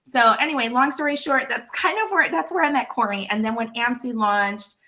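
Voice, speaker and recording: A chatty woman in her thirties tells a story in a casual way. Her voice sounds bright, and she talks with lots of fillers. She acts out the dialogue she quotes. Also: fairly high pitch, a little fast. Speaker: association founder and CEO.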